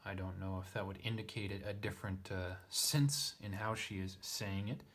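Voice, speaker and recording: A man's voice: deep voice, fairly even intonation, moderate pace, fairly bright tone. A man teaching a text line by line, thinking aloud with frequent fillers and self-corrections. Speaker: Greek teacher. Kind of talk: casual lesson reading.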